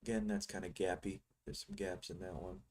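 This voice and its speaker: A man's voice: deep voice, flat delivery, brisk, darkish tone, slight background noise. A middle-aged man giving rambling, teasing live commentary on his trading screen, thinking aloud as he goes. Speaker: futures trading software seller.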